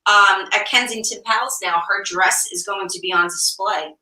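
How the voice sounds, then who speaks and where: A woman hosting a casual talk show, lively and blunt, joking and swearing casually. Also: mid-range voice, moderate pace. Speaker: host. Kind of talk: casual chat. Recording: echoey room, distant mic.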